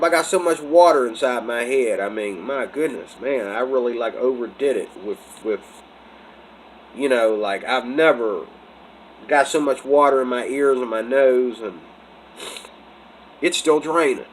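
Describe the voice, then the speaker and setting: A man's voice: medium pitch, slight background noise, rough recording. A man vlogging in a casual preaching monologue, rambling, restarting phrases and breaking into laughter. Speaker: religious vlogger.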